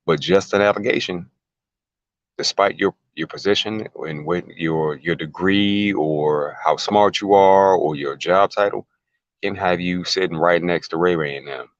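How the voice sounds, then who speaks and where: A man's voice: deep voice, measured pace, dry recording, dull audio. A man talking as an interview guest, emphatic and casual, repeating words and firing rhetorical questions. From United States.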